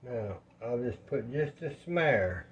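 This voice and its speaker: A man's voice: medium pitch, expressive, slow, highs cut off, a little hiss or hum. A man, chatting in a folksy, rambling way to his viewers while he cooks in his home kitchen. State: out of breath. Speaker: home cooking vlogger. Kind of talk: casual cooking talk to viewers.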